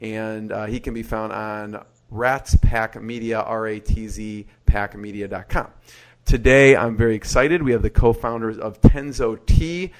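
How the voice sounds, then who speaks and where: Male podcast host with a mid-range voice, eager and chatty, asking quick questions in a casual interview. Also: mid-range voice.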